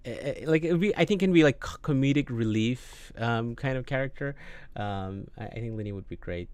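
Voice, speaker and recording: A man's voice: mid-range voice, lively intonation, a little fast, darkish tone, clear, resonant tone. A man hosting a podcast in casual chat, hesitant, with many fillers and restarts. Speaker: podcast host.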